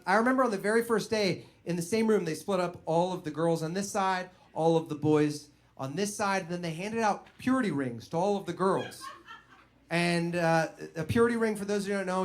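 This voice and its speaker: A young man doing stand-up, telling a story in an animated way and acting out the voices of other people. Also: high-pitched. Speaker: stand-up comedian.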